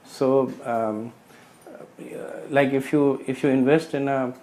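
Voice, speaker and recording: A man's voice: medium pitch, steady tone, slow, dark tone, low-quality recording. A man sharing realizations in a scripture study group, hesitating often and explaining through everyday analogies. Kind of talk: casual spiritual sharing.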